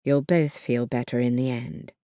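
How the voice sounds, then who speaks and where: A narrator voicing a calm, determined nurse. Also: mid-range voice, normal speed, dry recording, clean studio sound, lightly acted. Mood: persuasive. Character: young wartime woman nurse, calm and determined. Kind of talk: audiobook narration.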